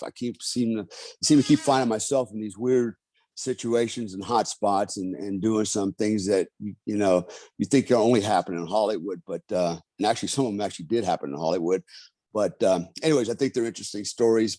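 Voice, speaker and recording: A man's voice: on the low side, steady tone, brisk, dark tone, dry recording. A middle-aged man, an Army veteran and author, talking casually as a podcast guest in an emphatic, ranting way and often ending phrases with "man". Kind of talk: casual conversation and storytelling.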